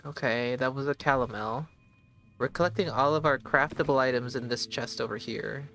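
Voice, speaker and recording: A man streaming a game live, thinking aloud in a slow, halting way and sometimes spelling words out letter by letter. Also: mid-range voice, creaky, a bit bright, faint music behind. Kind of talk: casual live gameplay commentary.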